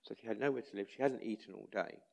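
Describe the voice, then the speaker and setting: An English-accented street chaplain tells personal stories during a church talk, speaking fast in a low-ish, gravelly, darkish voice. His style is conversational and anecdotal, and he acts out the voices he quotes.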